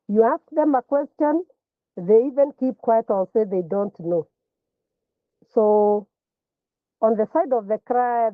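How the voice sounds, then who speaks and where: A woman's voice: medium pitch, dry recording. A woman lecturer teaching a counselling class, explaining at length and often repeating words and restarting phrases. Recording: tinny phone-like line.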